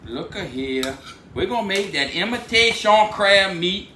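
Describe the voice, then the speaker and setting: A Cajun man narrates his own cooking in a relaxed, drawling way, often tossing in a casual word of address. His voice sits a little high for a man. The sound is roomy and echoey, with loud ambient noise behind him. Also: a little slow. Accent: Cajun Louisiana. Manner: laid-back drawl, says "dude" a lot. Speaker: cooking channel host.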